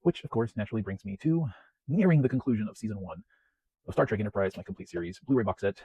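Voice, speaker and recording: A man hosting his weekly home-media vlog in a chatty, self-deprecating way, often clearing his throat. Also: fairly low pitch, animated, quick pace, warm tone, lo-fi sound. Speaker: home media collector vlogger. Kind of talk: casual rambling vlog. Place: home, West Coast of the US.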